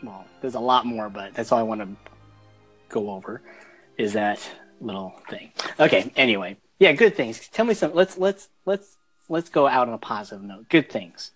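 A man's voice: mid-range voice, lively intonation, moderate pace, faint music behind. A man hosting a casual movie discussion podcast, talking in an enthusiastic, rambling way as he steers the conversation. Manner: enthusiastic, rambling, leading the talk. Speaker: podcast host.

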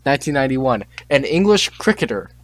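A man's voice: mid-range voice, very animated, a little fast, dry recording. Teen guy reading history facts, dry. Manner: stumbles over names, joking asides. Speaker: podcast host. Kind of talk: casual chat, reading on-this-day facts.

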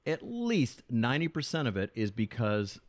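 A man's voice: mid-range voice, very animated, moderate pace, no echo. Chatty man guest on a podcast. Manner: chatty, enthusiastic, with frequent restarts. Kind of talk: casual podcast chat.

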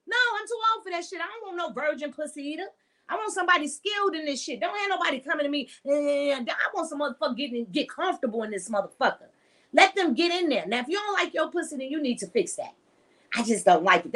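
Blunt, profane woman with a bright, high voice. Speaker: podcast host and sex educator. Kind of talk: unscripted monologue podcast.

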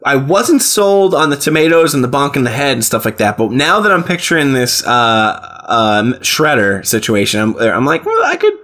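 A man's voice: mid-range voice, moderate pace, few pauses, fairly bright tone. A man co-hosting a podcast, reacting with wry, playful remarks in a casual chat about movies. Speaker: podcast co-host.

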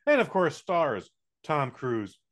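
A man's voice: a little high, very animated, takes it slowly, fairly bright tone. A man co-hosting a podcast, reviewing a movie in rambling, joking, profane casual chat.

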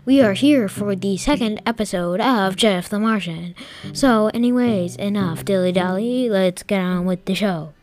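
A woman narrating a playful first-person story as a Martian visitor, dramatic and lively. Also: medium pitch, normal speed, music in the background.

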